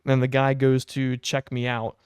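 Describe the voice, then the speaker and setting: A young man co-hosting a podcast, telling a long story in a casual, exasperated, animated way. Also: medium pitch, moderate pace, clean tone, no echo, clean studio sound. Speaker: podcast co-host.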